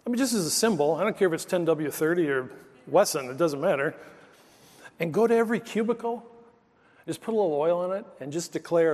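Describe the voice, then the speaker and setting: A man's voice: on the high side, lively intonation, a little fast, darkish tone, in a large hall. A male pastor preaching a sermon, telling stories in an emphatic, conversational way.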